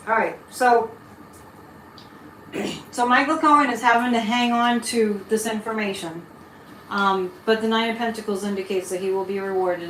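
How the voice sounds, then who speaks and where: A woman's voice: fairly high pitch, a bit bright, a little hiss or hum. A middle-aged woman, hosting a casual live tarot reading and chatting over viewer comments as she digresses. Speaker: psychic livestream host. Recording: roomy echo.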